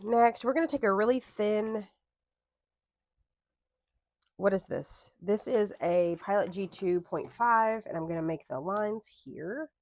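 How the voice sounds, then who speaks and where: A woman's voice: mid-range voice, normal speed, hardly any pauses, a little mellow, no room sound. A young adult woman chatting casually at a home craft desk, rambling into tangents and correcting herself as she goes. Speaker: planner vlogger. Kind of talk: casual chat while crafting.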